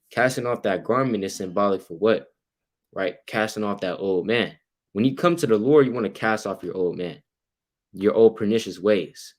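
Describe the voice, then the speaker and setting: A man teaching a casual Bible study, reading verses aloud and explaining them, asking "right?" again and again and acting out the people in the story. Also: normal speed. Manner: acts out quoted people with sudden louder, higher bursts. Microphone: computer mic while sharing his screen.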